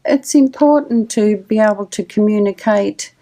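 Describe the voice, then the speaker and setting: A woman's voice: medium pitch, normal speed, mellow. A woman with an Australian accent, chatting casually as a guest mentor and laughing often. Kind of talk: casual conversation.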